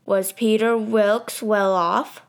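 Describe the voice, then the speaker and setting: A woman voicing a scheming old male con man who poses as a preacher, smooth and theatrical, in a storybook reading. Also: medium pitch, steady tone, slow pace. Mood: sly.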